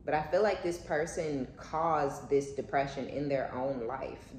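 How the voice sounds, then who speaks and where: A woman talks through a casual spiritual reading in a low voice. She is blunt and profane and stacks repeated words for emphasis. The room is echoey, with a faint hiss behind her. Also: unhurried, darkish tone. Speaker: intuitive reader.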